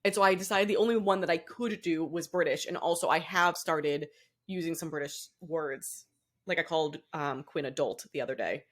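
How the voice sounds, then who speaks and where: A young woman from the Boston area co-hosts a podcast, chatting casually in a low voice at a moderate pace. She rambles, cuts herself off, and laughs often.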